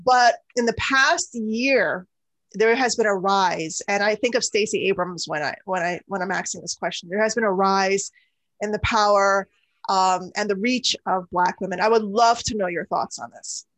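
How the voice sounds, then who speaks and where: Woman cohost asking questions slow and careful, dry dead sound. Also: mid-range voice, a bit bright, no echo, low-quality recording. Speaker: podcast co-host. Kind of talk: casual interview talk.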